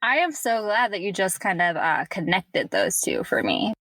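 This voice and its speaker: A woman's voice: mid-range voice, very animated, normal speed, a bit bright, dry recording. Enthusiastic woman hosting a podcast, dry sound. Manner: enthusiastic, agreeable, gushing reactions. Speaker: podcast host. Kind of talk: casual podcast conversation.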